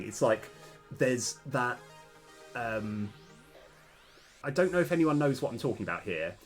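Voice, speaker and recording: A young man streaming game development, chatting casually and hesitantly with many fillers and restarts, his voice slightly worn. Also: mid-range voice. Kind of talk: casual live coding chat.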